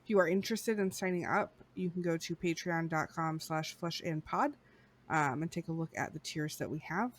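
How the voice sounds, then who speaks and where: Woman cohosting a podcast, kinda low voice, playful and chatty. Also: normal speed, a little hiss or hum. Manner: playful, reads shout-outs. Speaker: podcast co-host. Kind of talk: casual podcast chat.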